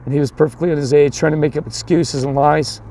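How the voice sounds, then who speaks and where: This man, a youth baseball coach, has a slightly high, mellow voice with fairly even intonation and a quick pace. He wanders through a lengthy tale full of repeats and restarts, acting out the other characters, and ends up making it a sermon.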